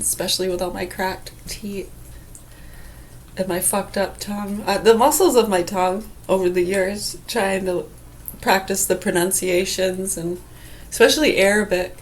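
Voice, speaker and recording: A woman's voice: mid-range voice, gravelly. A woman rambling in a casual vlog monologue, crude and profane, laughing often, with a slight whistle through gaps in her teeth. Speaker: vlogger.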